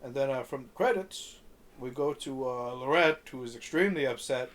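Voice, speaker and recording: A man speaking at a moderate pace, his medium-pitched voice a bit bright, rambles through a film recap on a podcast. He leans on fillers, swears freely, and performs the quotes in this casual, profane conversation.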